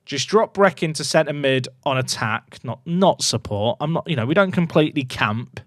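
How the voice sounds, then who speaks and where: A streamer narrates his football management game to chat, his fairly high voice leaping between hushed nervous muttering and excited shouts. The sound is dry and close, with no room around it. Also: normal speed, dry recording. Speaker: gaming streamer. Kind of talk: live game commentary to chat.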